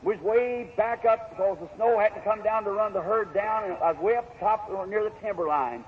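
A man with a high voice preaches a storytelling sermon in plain, folksy words. His speech has a homespun rural grammar. The recording is dull and lo-fi with a faint hiss behind it. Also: normal speed.

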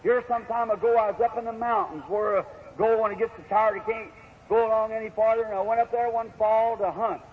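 High-voiced folksy preacher man, lo-fi. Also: fairly even intonation, brisk, breathy edge. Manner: folksy, plain-spoken with rural grammar. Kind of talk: storytelling sermon. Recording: dull lo-fi recording with faint hiss.

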